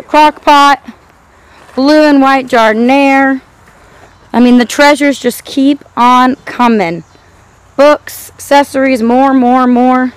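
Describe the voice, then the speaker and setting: Bright upbeat woman pitching auction items. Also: poor audio. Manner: upbeat listing of items, addresses folks. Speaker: auction preview host. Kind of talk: walkthrough sales pitch. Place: outdoor auction yard.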